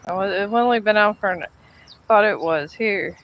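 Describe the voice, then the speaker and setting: On a casual live vlog of her dog walk, a tired woman grumbles and urges her dog up the hills of an outdoor street. She speaks at a normal speed with a medium pitch, and the audio has its highs cut off.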